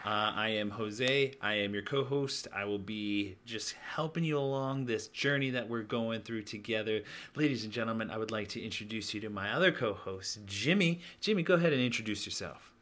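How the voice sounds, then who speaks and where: A man's voice: on the low side, normal speed, hardly any pauses, a bit bright. A man co-hosting a casual podcast, telling a story with laughs and restarts. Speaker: podcast co-host.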